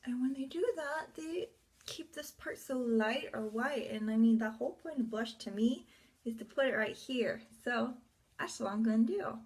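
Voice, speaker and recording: A woman's voice: on the high side, moderate pace, a little mellow. A woman chatting through a makeup tutorial at home in front of her mirror, rambling with offhand asides and muttered whispers. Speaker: beauty vlogger.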